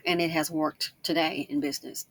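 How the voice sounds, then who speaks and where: A woman delivers casual commentary in a bright, sharp-edged voice. She talks quickly and slangily and hammers her points home by repeating them. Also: sits low, fairly even intonation, gravelly, husky. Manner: talks fast, tries to slow herself down. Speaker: YouTube commentator.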